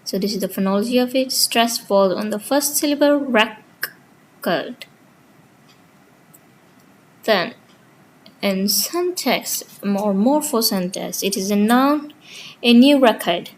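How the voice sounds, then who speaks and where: Woman lecturer, mid pitch, explains slides step by step with loose grammar, faint hiss behind. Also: measured pace, low-quality recording. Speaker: linguistics teacher. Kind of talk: casual lecture over slides.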